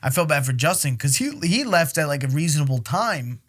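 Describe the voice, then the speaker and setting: A young man with a bright, fairly high voice hosts a casual podcast chat. He tells stories loosely, swears freely, and slips into quoted voices of other people. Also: lively intonation, fairly quick. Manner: swearing, storytelling with acted quotes. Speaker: podcast host.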